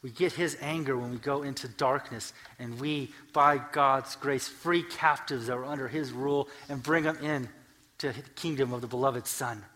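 Bright-voiced preacher building to loud climaxes. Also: male voice, medium pitch, fairly even intonation, moderate pace. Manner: builds scripture lists to loud, emphatic climaxes; drops to quiet, earnest explanation between peaks. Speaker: pastor. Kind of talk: sermon. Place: church sanctuary.

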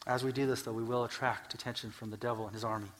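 A man preaching a sermon in a church, swinging between soft, earnest explanation and loud, emphatic peaks as he reads scripture, with joking asides. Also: mid-range voice, level tone, rapid-fire. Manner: builds scripture lists to loud, emphatic climaxes. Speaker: pastor. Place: church sanctuary.

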